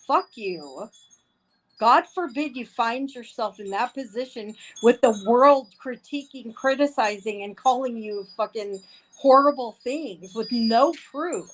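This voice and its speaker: A woman's voice: on the high side, animated, unhurried, poor audio. A woman streaming live, ranting angrily and swearing, repeating herself over and over. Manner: heated, profane, repeats herself. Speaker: livestreamer. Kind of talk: angry ranting livestream. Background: faint wind chimes.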